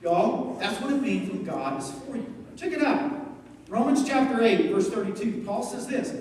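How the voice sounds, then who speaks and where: Animated man preaching in a hall. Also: very high voice, moderate pace, distant mic, a little hiss or hum. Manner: animated storytelling with jokes and asides. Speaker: youth pastor. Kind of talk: youth sermon. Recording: echoey hall, mic from afar.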